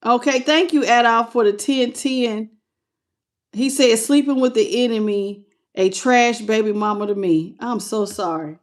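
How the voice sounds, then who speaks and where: A woman's voice: a little high, unhurried. A woman reading tarot cards live, talking to her viewers and greeting them by name, with emotion and a casual way of speaking. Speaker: tarot reader.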